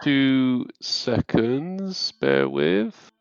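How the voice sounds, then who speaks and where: A man's voice: medium pitch, drawn-out words, clean tone, dry recording, highs cut off. Man hesitantly running a game. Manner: hesitant, many ums, relaxed. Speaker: game master. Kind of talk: narrating a tabletop game.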